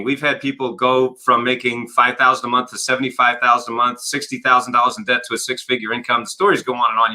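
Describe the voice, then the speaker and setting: Guest coach, male, very bright voice, storyteller who acts out both sides of a conversation, video call. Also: mid-range voice, low-quality recording. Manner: energetic storyteller, acts out dialogue. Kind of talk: conversational interview.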